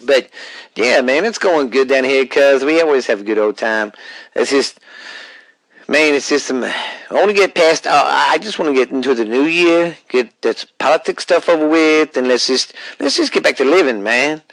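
A man's voice: medium pitch, animated, moderate pace, gravelly, fairly bright tone, no room sound, rough recording. A man with a Louisiana accent co-hosting a casual podcast, rambling and drawling with lots of fillers and cursing. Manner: rambling, drawling, swears freely, many fillers. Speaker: podcast co-host.

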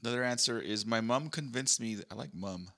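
A man's voice: medium pitch, fairly quick, a bit bright. A man co-hosting a podcast in casual chat, reading out forum questions and answers with short agreeing replies. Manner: reads listener posts aloud, short agreeing replies.

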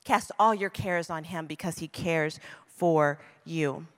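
A woman's voice: sits low, takes it slowly. A woman preaching a sermon to a women's gathering, passionate and conversational, leaning hard on key words. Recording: long reverb of a large hall.

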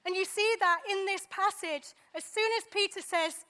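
A woman preaching a sermon, pausing for effect and acting out the lines she quotes. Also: very high voice, bright, forceful tone, a little hiss or hum. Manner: dramatic pauses, acts out quoted dialogue.

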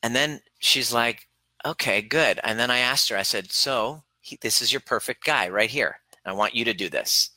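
A man speaking as a relationship coach, his voice very bright and forceful. He talks earnestly and with emphasis, acting out his client sessions as quoted dialogue. The recording is dry and close, with no room sound. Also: mid-range voice, moderate pace, dry recording, low-quality recording. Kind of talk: coaching talk to camera.

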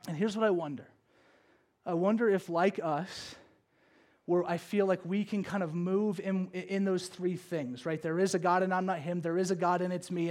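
A man preaching a sermon and explaining scripture, moving between loud emphasis and hushed low asides, with conversational checks like "okay?" and "right?".

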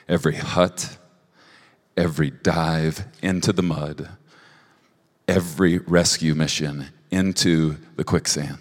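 Deep male minister, halting prophetic delivery, long hall reverb. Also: steady tone. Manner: halting, with restarts and soft asides. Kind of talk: prophetic ministry at a church service.

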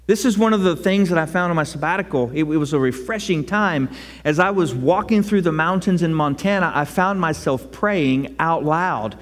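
A man preaching a sermon as pastor, conversational and animated, acting out prayers out loud. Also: on the high side. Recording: long reverb of a large hall.

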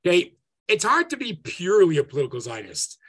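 Guy rabbi teaching a zoom class, high bright voice, lively and chatty. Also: quick pace, husky. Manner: lively, conversational, tag questions like "right?". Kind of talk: interactive Zoom lecture. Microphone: video call.

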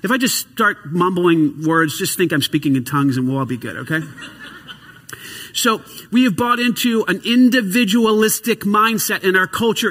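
A man in a church preaches with a high, bright, husky voice that swings from near-shouted emphasis down to hushed asides. He sounds tired but keeps pushing the energy back up. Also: moderate pace, in a large hall. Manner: animated preaching, swinging between loud emphasis and quiet asides. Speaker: pastor. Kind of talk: sermon. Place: church hall with congregation.

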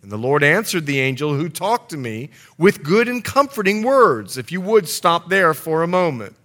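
A male pastor preaching a sermon, an animated storyteller with playful asides. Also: on the high side, moderate pace.

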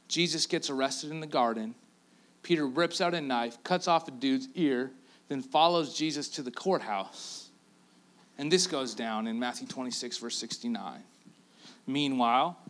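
A male pastor with a Canadian accent preaching a sermon, telling the story with lively, acted-out quotes and dropping to quiet asides for emphasis. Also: on the high side. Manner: animated storytelling, acting out quotes; drops to a near-whisper for emphasis.

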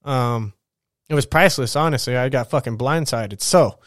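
A podcast host winding down for bed at home recounts something from work, rambling, cursing and retelling it with animation in a casual tone. His mid-range voice keeps a moderate pace, and the studio-clean sound has no echo.

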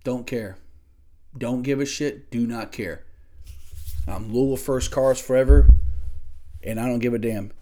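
A man hosting his own podcast, ranting angrily and profanely about college sports, swinging from loud outbursts to low muttering, recorded in a small home studio. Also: unhurried, long pauses, a little hiss or hum. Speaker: podcast host.

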